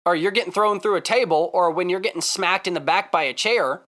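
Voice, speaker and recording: A man vlogging casually, telling a story in an excitable, emphatic way and repeating himself for effect. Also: high-pitched, brisk.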